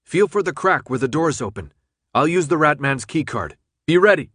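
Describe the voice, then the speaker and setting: A man's voice: fairly high pitch, expressive, normal speed, fairly bright tone, dry recording, studio quality, pitched above the performer's own voice. A male audiobook narrator voicing an urgent young man who raises his voice to be heard over noise. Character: young man, urgent leader under pressure.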